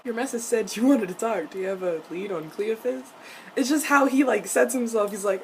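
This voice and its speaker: A woman's voice: fairly high pitch, fairly quick, a little mellow, slight background noise. Sassy, profane young woman. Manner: laughs often between lines. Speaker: vlogger reacting to a TV episode. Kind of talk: casual episode reaction.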